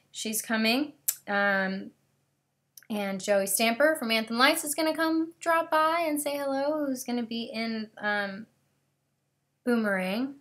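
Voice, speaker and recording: A woman's voice: mid-range voice, fairly bright tone. A bubbly young woman hosting a casual live stream from home, gushing and talking straight to her viewers over a webcam.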